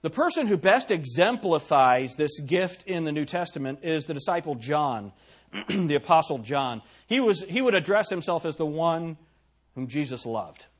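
A male pastor preaches an emphatic sermon, questioning the congregation and reading scripture aloud in old-fashioned wording. His voice is a little high, animated and slightly rough, delivered at normal speed.

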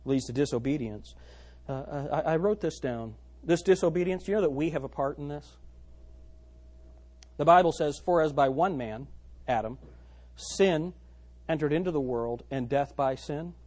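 Preaching from the pulpit, this man's slightly high voice swings from forceful, loud declarations down to near-whispers.

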